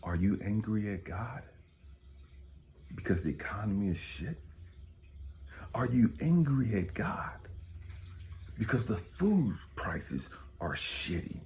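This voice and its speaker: Deep man preaching with wild swings. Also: sing-song, slow, long pauses. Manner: preachy, blunt, swings from hushed whispers to loud profane outbursts. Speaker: spiritual coach. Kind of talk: motivational monologue.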